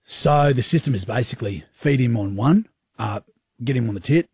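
A man's voice: mid-range voice, moderate pace, a little mellow, breathy edge, no echo, studio quality. An Australian man in his thirties co-hosting a radio show, telling a story with a chatty, slangy manner. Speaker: radio co-host. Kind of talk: casual radio banter.

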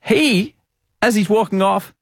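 A man's voice: high voice, a little slow, vocal fry, no echo. A middle-aged Australian man hosting a podcast, telling self-mocking broadcasting stories in casual chat. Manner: animated, self-mocking storyteller. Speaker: podcast host, sports broadcaster.

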